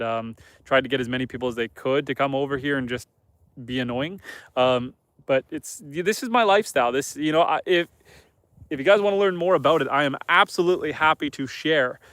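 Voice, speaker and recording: A man's voice: mid-range voice, smooth, dry recording. A man hosting a casual live stream outdoors on his homestead, chatting loosely with viewers and reading their comments aloud. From Northern Canada. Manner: relaxed, rambling, reads viewer comments aloud. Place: outdoors on a homestead farm among animals.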